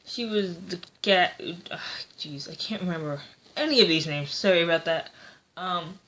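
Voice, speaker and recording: A woman's voice: on the low side, normal speed, fairly bright tone. A woman giving a casual, rambling book review, hesitant and full of fillers.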